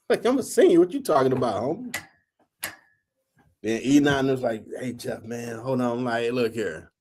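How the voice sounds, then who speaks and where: Man, forties, fairly high voice, casual storytelling, profane, animated quoting. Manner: animated, profane, acts out quotes in raised voice. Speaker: host.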